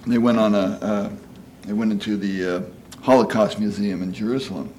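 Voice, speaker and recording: A man's voice: lowish voice, steady tone, normal speed, darkish tone, slight background noise. A man in his sixties giving a conversational sermon, folksy and chatty, often asking "you know?" and acting out quoted voices. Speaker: preacher.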